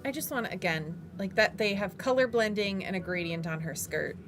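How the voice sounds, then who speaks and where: A woman's voice: mid-range voice, expressive, brisk, music in the background. A woman co-hosting a casual chat, talking in a playful, gushing way about miniatures. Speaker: co-host reviewing miniatures.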